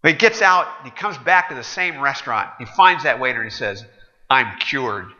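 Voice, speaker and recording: A man's voice: medium pitch, animated, fairly quick, bright, forceful tone. A man preaching a sermon in a conversational, wry and sardonic way. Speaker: pastor. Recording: dull echoey hall recording.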